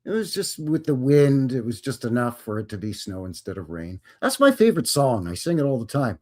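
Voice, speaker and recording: A man's voice: mid-range voice, very animated, a little fast, few pauses, a little mellow. A man hosting a casual live stream, joking and rambling and now and then slipping into silly voices. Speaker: host.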